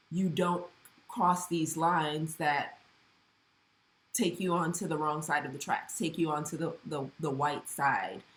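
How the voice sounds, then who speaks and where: Low-voiced thoughtful woman, echoey room. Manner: thoughtful, measured, reflective. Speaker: co-host. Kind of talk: casual podcast conversation.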